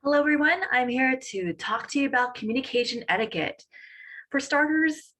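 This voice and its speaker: A woman presenting in an online webinar, explaining communication etiquette to high school students, often restarting and rephrasing as she goes. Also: animated, brisk, sharp tone, poor audio.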